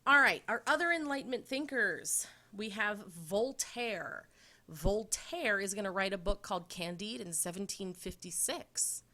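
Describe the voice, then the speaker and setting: A woman teacher talks through a recorded lecture over slides at a middle pitch. She is upbeat and clear, and she adds simple memory tricks as she explains. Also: expressive, moderate pace, few pauses, pushed and bright.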